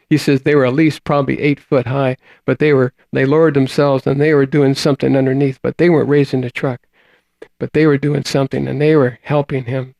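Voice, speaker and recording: A man preaching a sermon, reading scripture and retelling a testimony in a slow, halting way, often repeating words and trailing off quietly at the ends of phrases. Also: mid-range voice, creaky, no room sound.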